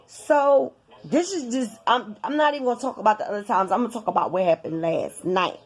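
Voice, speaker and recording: A woman at an ordinary middle pitch, chatting straight to her viewers in a loose storytime. She swears freely and circles back over the same phrases for emphasis. Her delivery stays animated and casual throughout. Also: brisk, slightly rough. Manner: animated, profane, addresses viewers directly with lots of repetition. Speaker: vlogger telling a personal story.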